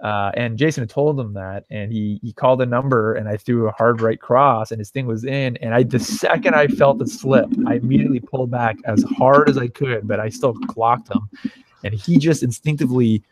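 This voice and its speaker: A man's voice: medium pitch, fairly quick. A young man co-hosting a podcast, telling a profane anecdote casually and animatedly, quoting other people in his own voice. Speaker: podcast co-host. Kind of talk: casual storytelling chat.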